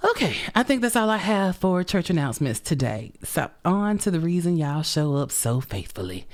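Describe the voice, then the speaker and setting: A woman's voice: deep voice, animated, moderate pace, darkish tone. A middle-aged woman hosting her podcast in casual, sassy chat, tired and run down, swearing freely and calling listeners honey. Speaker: podcast host.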